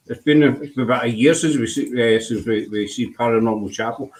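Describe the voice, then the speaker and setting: A man's voice: medium pitch, fairly quick, few pauses, rough recording. A man hosting a casual live-stream chat, laid-back and rambling with lots of fillers. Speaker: host.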